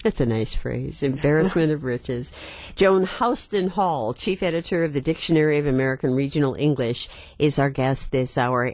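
A woman hosts a call-in show from a radio studio, speaking in a gracious, measured way. Her voice is low for a woman. The sound is close and dry. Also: darkish tone, no echo.

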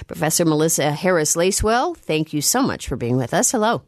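A woman hosting a public radio call-in interview, measured and clear, reading out details slowly. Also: lowish voice, big pitch swings, a little mellow, dry recording, clean studio sound. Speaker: radio talk show host. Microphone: studio microphone.

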